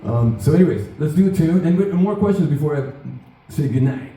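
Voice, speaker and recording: A middle-aged man spins loose, animated stories to a crowd, swearing freely. His voice sounds dark and mellow. He is caught from a distance in a big, echoey hall. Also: fairly high pitch, fairly quick. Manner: loose, profane, animated anecdotes. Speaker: guitarist giving a workshop. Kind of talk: casual storytelling to an audience. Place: large event hall at a guitar show.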